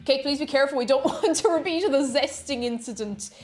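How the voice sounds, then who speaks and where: A woman's voice: high voice, fast talker, darkish tone. A woman, a variety streamer chatting casually with her chat while she bakes, greeting viewers by name and laughing often.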